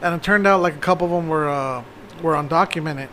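A man's voice: a little high, quick pace, fairly bright tone, slight background noise. A man rambling through a story in casual talk, swearing often. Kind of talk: casual chat.

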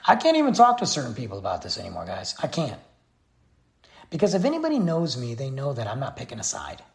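Gravelly exasperated man ranting. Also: mid-range voice, wildly swooping pitch, quick pace. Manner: exasperated, blunt, talks straight to the viewer. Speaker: vlogger. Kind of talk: opinion rant to camera. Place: Texas.

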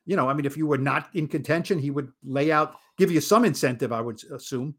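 A man's voice: on the high side, fast talker, a bit bright. A man co-hosting a sports podcast, chatty and rambling, with many restarts. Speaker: co-host.

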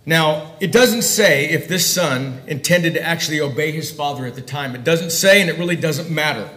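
A male preacher delivers a sermon in a high, bright register. He presses his points with emphatic bursts and then drops to quiet asides. His voice rings in a roomy, echoing space. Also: moderate pace. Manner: emphatic, rising and falling between loud and quiet.

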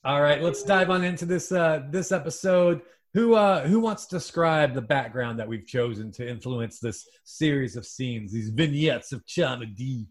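A man's voice: medium pitch, normal speed, few pauses. A man hosting an improv comedy podcast, chatting playfully and announcing scenes.

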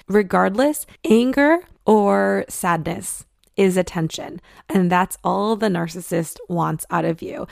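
A woman's voice: medium pitch, unhurried, vocal fry, dry recording, clean studio sound. A woman casually explaining a topic, acting out quoted voices with emphasis. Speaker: speaker explaining narcissistic abuse.

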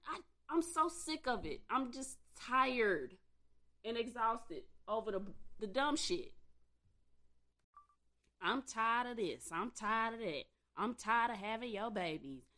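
Exasperated woman commentator, slow-paced, pitch all over the place. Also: fairly bright tone. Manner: exasperated, blunt, profane. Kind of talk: ranting commentary.

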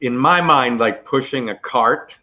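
A man's voice: mid-range voice, measured pace. Man telling anecdotes over a phone line. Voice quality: chatty, peppered with asides. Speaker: actor guest telling a story. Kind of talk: relaxed anecdotal interview.

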